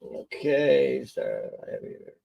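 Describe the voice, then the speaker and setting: A man's voice: a bass voice, wildly swooping pitch, slow, gravelly, mellow, low-quality recording. A man chatting casually on a live stream while he repairs a model car, rambling, joking and muttering to himself as he works.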